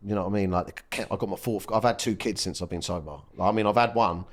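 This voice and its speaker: A deep-voiced man speaks candidly as a podcast guest, his pitch staying low the whole way. He talks quickly, bluntly and emotionally, swearing casually in relaxed conversation.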